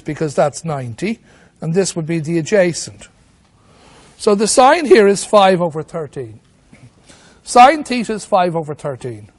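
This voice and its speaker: Man, maths teacher, high-pitched, step-by-step explaining, asks himself questions. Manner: talks through steps with rhetorical questions. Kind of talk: whiteboard lesson.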